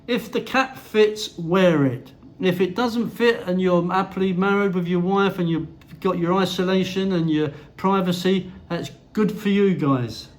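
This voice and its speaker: Male vlogger, high-pitched, blunt and profane, casual rant. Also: measured pace. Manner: blunt, profane, frequent swearing. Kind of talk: casual ranting to camera. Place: house in a Philippine city.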